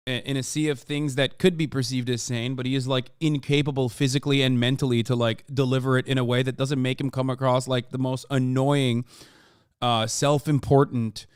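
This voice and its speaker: A man's voice: medium pitch, little pitch movement, fairly quick, clear, resonant tone, dry recording, clean studio sound. A man streaming live, reacting to clips with heated, profane, mocking commentary. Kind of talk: casual profane livestream commentary.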